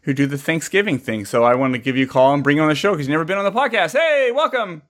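Animated joking podcast host. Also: male voice, a little high, racing. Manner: rambling, jokey, many restarts. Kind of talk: casual podcast chat.

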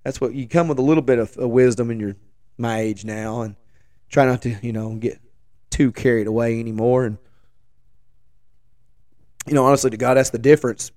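A man in his forties with a hoarse voice after the flu, telling a rambling, joking story as a show host. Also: mid-range voice, fairly even intonation, a little fast, pauses often, darkish tone, dry recording, clean studio sound. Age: 40s. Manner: rambling, self-deprecating, joking asides. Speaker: podcast host. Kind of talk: casual storytelling chat.

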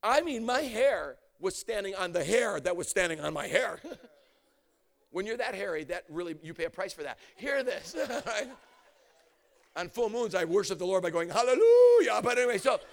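Casting: high-pitched male preacher, lively storyteller, bursts into shouts. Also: normal speed, creaky. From United States. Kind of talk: storytelling sermon.

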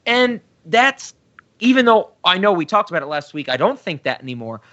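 A man co-hosting a podcast, chatting casually about films and getting animated when he rants. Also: sits high, brisk, highs cut off. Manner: animated, gets loud and excited when ranting. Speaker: podcast co-host. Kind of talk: casual film discussion.

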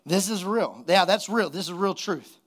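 A man, a pastor, preaching a sermon and telling a funny story in an animated way, laughing at his own jokes. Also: high-pitched, moderate pace. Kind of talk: sermon with a humorous personal story.

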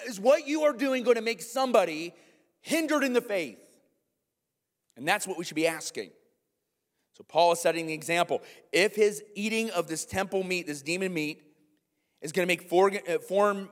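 Preaching man in a reverberant church hall. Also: a little high. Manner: animated, conversational preaching with asides to the room. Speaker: pastor. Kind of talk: sermon. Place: church hall, live congregation.

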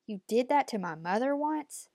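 A woman's voice: on the high side, animated, moderate pace, a little mellow, no echo, clean studio sound, voice pushed up. A woman reading an audiobook, voicing a teenage boy who answers in a tense, guarded way under pressure. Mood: strained. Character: defiant teenage boy under a painful test.

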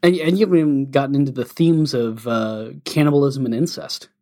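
A man reflects on a favorite album in a relaxed podcast conversation, often pausing on "um" as he gathers his thoughts. His voice sits at a plain middle pitch, and he speaks in an easy, unhurried way. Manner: reflective, pauses with "um". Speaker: podcast co-host. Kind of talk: casual chat about an album.

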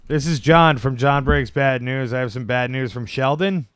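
Man, deadpan prank-call host, smooth clear voice, dry close mic. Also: mid-range voice, moderate pace, no room sound. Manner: deadpan, mock-polite insults. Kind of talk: casual live-stream prank calls.

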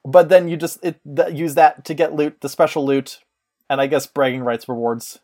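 A podcast co-host in casual chat, rambling with quick asides. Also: mid-range voice, fairly even intonation, a little mellow.

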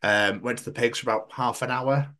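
A man from Scotland, hosting a podcast and telling stories in casual chat, sweary and animated. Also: mid-range voice, fairly quick. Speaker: podcast host.

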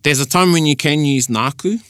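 A man's voice: on the high side, moderate pace, a bit bright, clear, resonant tone, no echo, studio quality. A man with a New Zealand accent, hosting a casual radio chat and patiently explaining points of Māori language. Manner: explains patiently, with many restarts and fillers. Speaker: host teaching Māori language.

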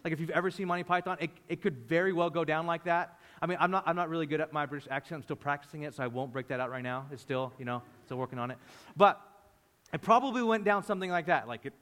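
A man preaching a lively sermon, often acting out the voices of the people in the story. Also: on the high side, fast talker. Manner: animated, acts out voices of disciples. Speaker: pastor. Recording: reverberant hall.

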